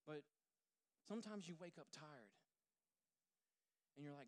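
Joking pastor preaching to a congregation. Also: male voice, fairly high pitch, animated, measured pace, long pauses. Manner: jokey, talks directly to the congregation. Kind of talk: casual conversational sermon. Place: church before a congregation.

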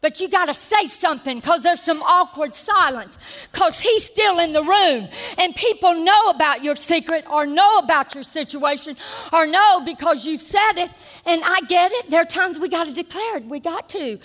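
An older woman pastor preaching a sermon, animated and folksy, rising to shouts at the peaks. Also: very high voice, moderate pace. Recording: long reverb of a church hall.

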